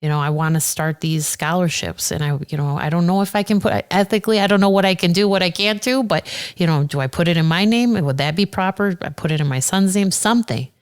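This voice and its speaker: A woman who is a circuit judge, talking earnestly and warmly as a podcast guest, getting animated when she quotes people. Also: lowish voice, quick pace, hardly any pauses, clean tone. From Aurora, Illinois. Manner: earnest and heartfelt, animated when quoting others. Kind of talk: casual interview conversation.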